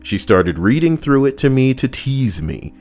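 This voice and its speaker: A man's voice: medium pitch, sing-song, measured pace, darkish tone, faint music behind. A man streaming live, reading posts aloud in casual chat, joking, swearing freely and laughing often.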